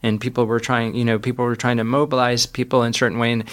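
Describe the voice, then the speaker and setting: A man's voice: medium pitch, level tone, fast talker, fairly bright tone. Earnest man telling stories, frequent restarts. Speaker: interview guest, author. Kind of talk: reflective conversational storytelling.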